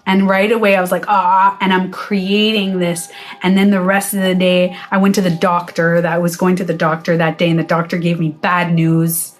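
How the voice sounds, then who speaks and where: A woman's voice: medium pitch, normal speed. A woman wellness coach talking casually to her viewers, candid and swearing freely as she acts out her own reactions. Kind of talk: casual live-stream talk to viewers. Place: indoors, playing music in the background.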